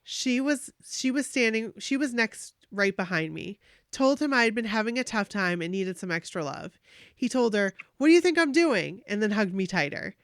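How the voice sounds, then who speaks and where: A woman podcast host reading a listener's fan story aloud, animated and gushing, with emotional asides. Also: mid-range voice, normal speed, smooth, no room sound, studio quality.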